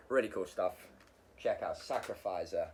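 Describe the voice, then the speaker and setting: Low-voiced man, sick, casual rambling music reviewer who corrects himself. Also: measured pace, slight background noise. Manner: rambling, self-correcting, many ums.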